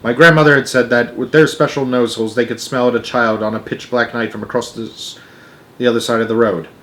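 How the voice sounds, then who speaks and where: A young man reading a children's novel aloud, expressive, with small slips and restarts. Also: mid-range voice, a little fast. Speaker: storyteller.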